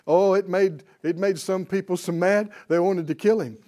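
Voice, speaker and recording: A man's voice: high voice, moderate pace, mellow. A man teaching a Bible lesson in an emphatic preaching style, calling out to his audience for responses. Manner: emphatic, rising on key words.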